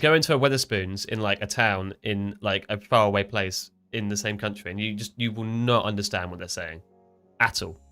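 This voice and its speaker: A man with an English accent chatting casually on a live stream, rambling and quick to laugh. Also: lowish voice, sharp tone, faint music behind. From England. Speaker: fellow trader and streamer.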